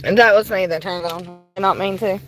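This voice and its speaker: A woman livestreaming a ghost investigation from her car on a phone, politely addressing spirits and bursting into excitement. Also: medium pitch, quick pace, faint music behind, poor audio. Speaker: paranormal livestreamer. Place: inside a car.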